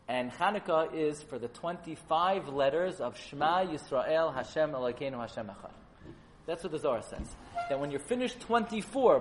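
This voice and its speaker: Man, sermon preacher, fairly high voice, swings from hushed to booming, faint background noise. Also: rough recording. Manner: animated, rising to loud emphatic peaks, mixing in Hebrew terms. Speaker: rabbi giving a memorial talk. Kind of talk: Torah sermon.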